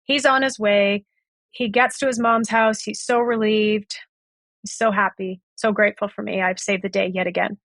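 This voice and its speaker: A woman's voice: medium pitch, steady tone, moderate pace, vocal fry, fairly bright tone, dry recording. A woman guest on a podcast, retelling a past relationship and acting out both sides of the conversations. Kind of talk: storytelling in a podcast interview.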